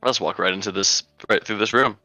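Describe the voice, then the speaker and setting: Brief: wisecracking man player, low and gravelly, dry close sound. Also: fast, bright, forceful tone, no room sound, faint music behind, poor audio. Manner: joking, incredulous banter. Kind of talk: role-play banter.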